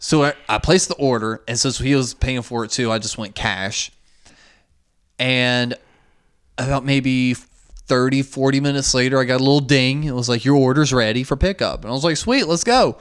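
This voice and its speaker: A man's voice: medium pitch, steady tone, normal speed, fairly bright tone, clear, resonant tone. A man co-hosting a podcast, telling a story in casual chat with a lot of swearing. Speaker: podcast co-host.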